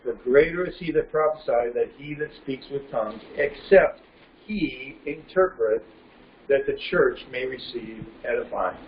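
A man preaching a verse-by-verse Bible lesson, reading scripture slowly and deliberately and putting questions to his listeners before answering them himself. He sounds distant from the mic in a roomy, echoing space. The recording is dull and lo-fi, with a faint hum of ambience behind him. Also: mid-range voice. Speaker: Bible teacher. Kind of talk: sermon, teaching verse by verse.

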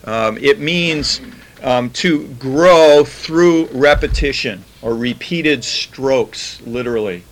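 Male preacher, mid-pitched, plain conversational delivery, slows for scripture readings. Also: fairly bright tone, low-quality recording. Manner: conversational, reads scripture slowly, repeats key words. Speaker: bible teacher. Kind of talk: informal sermon.

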